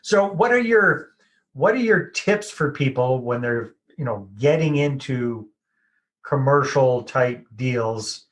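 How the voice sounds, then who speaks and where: A middle-aged podcast host casually rephrases and sums up his guest's points during an interview. His medium-pitched voice is animated but slow, and the audio quality is poor.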